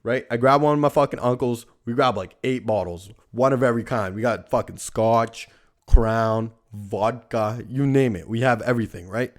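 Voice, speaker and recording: A young podcast host speaks at normal speed in a medium-pitched voice. On his casual storytelling show he rambles, swears constantly, and tags his lines with "right?"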